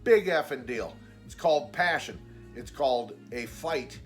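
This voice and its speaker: A blunt man venting in a casual vlog monologue, his voice sitting in an ordinary middle pitch. He sounds exasperated and swears freely, and he pitches his voice up when he mimics what other people said. Faint music plays behind him. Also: expressive, a little slow. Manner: acts out quoted people with raised pitch. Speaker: vlogger.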